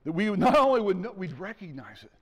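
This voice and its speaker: Animated high-voiced male pastor. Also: fast, long reverb tail. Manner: animated, acts out scenes. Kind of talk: sermon. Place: church sanctuary.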